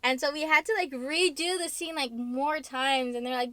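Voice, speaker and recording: A woman's voice: high-pitched, steady tone, brisk, hardly any pauses, fairly bright tone, no room sound. A bubbly young woman who acts, co-hosting a casual chat, laughing often and using lots of fillers. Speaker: co-host, actress.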